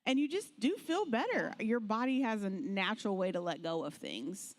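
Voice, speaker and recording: Woman, mid-pitched voice, emphatic, encouraging, church panel talk. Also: expressive, normal speed.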